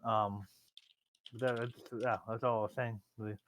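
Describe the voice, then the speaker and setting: Hesitant player, plenty of ums, mid pitch. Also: little pitch movement, normal speed. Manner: hesitant, full of fillers. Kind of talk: casual tabletop play.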